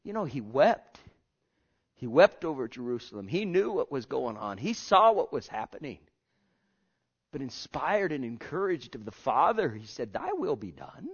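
A man preaching a sermon, swinging from hushed murmurs to loud, fervent exhortations. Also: mid-range voice, sing-song, normal speed, breathy edge, muffled recording.

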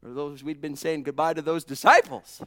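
Male preacher, high clear voice, fervent and emphatic, dry close sound. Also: level tone, moderate pace, no room sound. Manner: fervent, swings between hushed and loud emphatic preaching. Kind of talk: sermon.

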